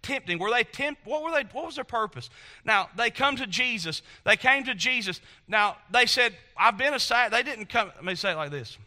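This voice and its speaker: A man's voice: very high-pitched, expressive, moderate pace, bright, forceful tone. A man preaching a sermon, impassioned and repetitive, acting out quotes from the people he talks about.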